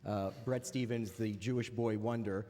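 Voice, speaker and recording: This panel moderator has a dark, fairly low voice, fairly even intonation, and a moderate pace. Before an audience in a large, echoing lecture hall, he leads off with dry humor, hesitating through many "uh"s and adding wry, joking asides.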